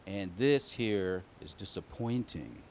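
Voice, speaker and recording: A man voicing a stern but gentle father lecturing his son in a storybook tale. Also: lowish voice, expressive, slow, slight background noise, voice pushed down.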